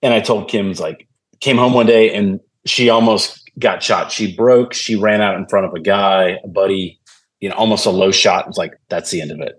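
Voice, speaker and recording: A man with a lowish voice and normal pacing shares anecdotes while guesting on a laid-back podcast. When he quotes someone, he slips into an animated impression of their voice.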